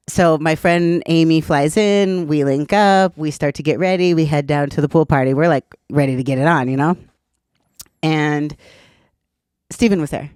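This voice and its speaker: A woman's voice: sits low, darkish tone, smooth, dry recording, clean studio sound. A woman in her thirties, a podcast guest, telling her story in a candid, chatty way and swearing casually.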